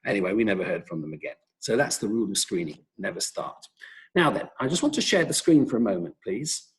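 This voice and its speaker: A middle-aged man with a British accent, an epidemiologist giving a webinar talk and telling wry, lively anecdotes. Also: fairly low pitch, quick pace, poor audio. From Britain. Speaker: professor, epidemiologist.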